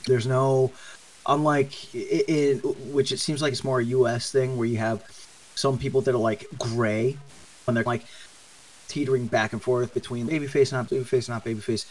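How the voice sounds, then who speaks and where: A man co-hosting a wrestling podcast in casual chat, relaxed and explanatory, with halting restarts. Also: medium pitch, slight background noise, rough recording. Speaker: podcast co-host.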